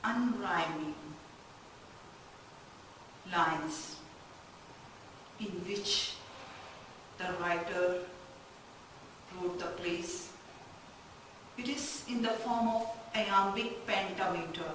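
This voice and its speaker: Woman lecturer, slow and halting, questions the class; heavy room echo. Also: fairly low pitch, a bit bright. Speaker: literature lecturer. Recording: very echoey room, distant mic, faint noise.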